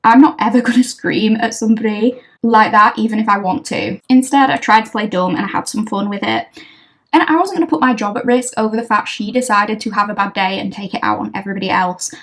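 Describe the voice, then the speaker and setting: A woman's voice: mid-range voice, fast talker, a bit bright. A young woman, a tarot reader casually telling a story to camera, chatty and wry, often laughing.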